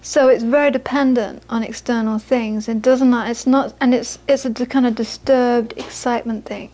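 Speaking at normal speed in a fairly high, mellow, steady voice, a woman delivers a dharma talk as a Buddhist teacher to a small group. She tells anecdotes, frequently repeating words as she feels for the right phrasing.

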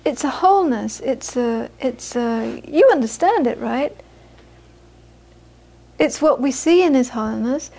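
High-voiced woman teaching Buddhism. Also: lively intonation, unhurried, vocal fry, warm tone. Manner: chatty storyteller, many restarts and repeated words. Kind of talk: informal dharma talk with anecdotes.

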